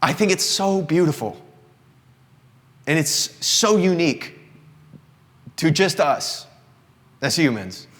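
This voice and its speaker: Man in his thirties, singer-songwriter, earnest and reflective, slightly high voice, long live-room reverb. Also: fairly bright tone. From Southern United States. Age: 30s. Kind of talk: confessional monologue to a live audience. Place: indoor company showroom with an audience.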